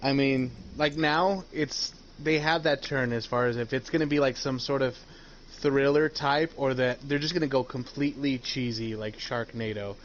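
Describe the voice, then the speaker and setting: A man's voice: medium pitch, fairly even intonation, moderate pace. A man co-hosting a podcast, talking in a laid-back way and swearing casually. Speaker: podcast co-host. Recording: dull lo-fi mic with faint hiss.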